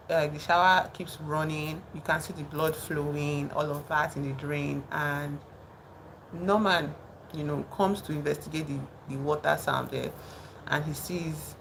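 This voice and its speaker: A woman's voice: deep voice, creaky, a bit bright, a little hiss or hum, low-quality recording. A woman vlogger retelling a film in a chatty, rambling way while doing her makeup. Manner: chatty, rambling, peppered with "you know" and "like". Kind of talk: casual storytelling chat.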